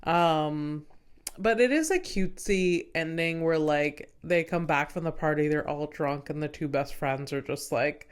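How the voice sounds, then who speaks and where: A woman's voice: low-pitched, measured pace, smooth. A young woman co-hosting a podcast in casual chat, talking things through and laughing often. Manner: chatty, laughs often, acts out movie scenes. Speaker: podcast co-host.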